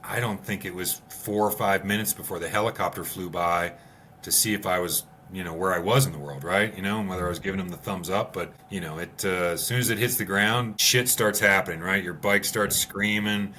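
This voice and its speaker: A man who races rallies, a podcast guest, telling stories in casual conversation with animated energy. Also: deep voice, fairly quick, a little hiss or hum. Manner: animated storyteller. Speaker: podcast guest, rally racer.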